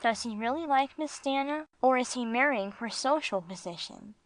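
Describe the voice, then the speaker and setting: A woman's voice: sits high, animated, moderate pace, dry recording, pitched above the performer's own voice, rough recording. A woman voicing a polite, curious young male dog who asks careful questions in an audiobook.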